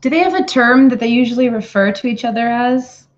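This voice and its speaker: A woman's voice: on the high side, brisk, lo-fi sound. A woman player chatting casually at a tabletop game, thinking aloud with plenty of fillers, over a video call.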